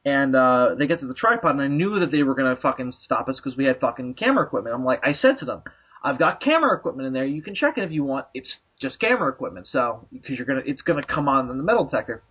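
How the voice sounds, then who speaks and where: A comedy podcast host with a husky, medium-pitched voice tells a rambling, profane story at a quick clip, very animated, laughing and acting out the people in it. The recording is muffled and lo-fi.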